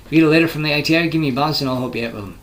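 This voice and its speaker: A man's voice: a little high, rapid-fire, a bit bright, poor audio. A man with an Australian accent, a construction worker delivering a rambling, heated, profane monologue full of restarts. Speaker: construction worker giving his views.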